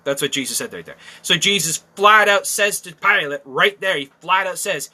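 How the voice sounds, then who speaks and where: A man's voice: high-pitched, moderate pace, sharp tone. A man teaching through a Bible passage, emphatic, repeating key phrases and asking rhetorical questions.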